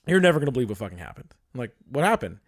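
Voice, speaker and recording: A man co-hosting a podcast, telling a long story in a casual, animated way with plenty of swearing. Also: medium pitch, very fast. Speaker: podcast co-host. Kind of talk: casual chat.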